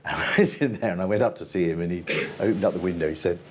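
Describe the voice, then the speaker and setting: Older male TV producer, very deep voice, chatty anecdotal storyteller, faint background noise. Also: quick pace. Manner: rambling, laughs often, quotes people in voices. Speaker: TV format producer, interview guest.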